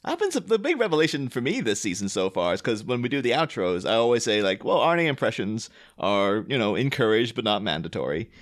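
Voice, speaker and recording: A man's voice: medium pitch, sing-song, quick pace, hardly any pauses. A man co-hosting a podcast, talking in a chatty, rambling way full of fillers. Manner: chatty, rambling with many likes. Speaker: podcast co-host. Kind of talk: casual chat.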